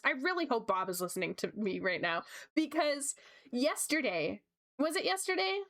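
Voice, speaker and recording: A young woman chatting casually as she draws on a livestream, bubbly and gushing with quick asides. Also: sits high, big pitch swings, fairly bright tone. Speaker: streamer. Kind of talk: casual chat while drawing.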